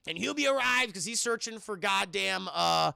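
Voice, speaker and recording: A man's voice: high voice, expressive, moderate pace, gravelly, bright, forceful tone, dry recording, studio quality. A man reviewing a film for his stream chat, telling the plot in a loose, profane ramble and calling out to the chat. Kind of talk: casual spoiler recap.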